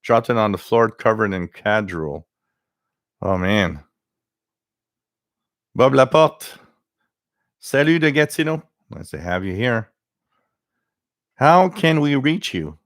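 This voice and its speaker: A man hosts a live stream with casual, rambling chat and often restarts his sentences. His voice sits low, and the sound is close and dry. When he quotes other people, he pushes his voice up high. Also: animated, slow, pauses often, dry recording. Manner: rambling and chatty, with many restarts and laughs; mimics others with a raised voice. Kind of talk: casual chat reading viewer comments.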